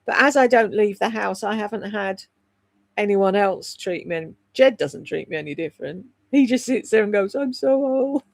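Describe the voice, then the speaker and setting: Gravelly woman in her sixties. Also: medium pitch, moderate pace, no room sound. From United Kingdom. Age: 60s. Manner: swears freely, laughs often, candid and rambling. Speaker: livestream host reading chat. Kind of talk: casual chat on a livestream. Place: at home.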